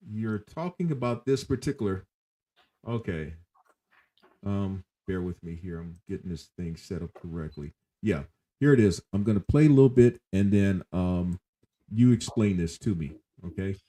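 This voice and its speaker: Deep-voiced man hosting a chat. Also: unhurried, warm tone. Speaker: podcast host. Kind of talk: casual interview chat.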